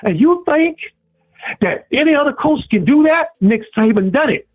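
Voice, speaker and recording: A man calling in to a show and giving a preachy, repetitive, animated rant. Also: very high voice, moderate pace. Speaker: caller. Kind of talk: impassioned call-in rant. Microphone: phone. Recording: tinny phone line.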